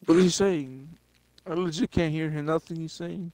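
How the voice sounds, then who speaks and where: A man's voice: on the high side, fairly even intonation, moderate pace, darkish tone, no echo, poor audio. A young man hosting a casual stream with friends, laid-back and laughing, swearing casually.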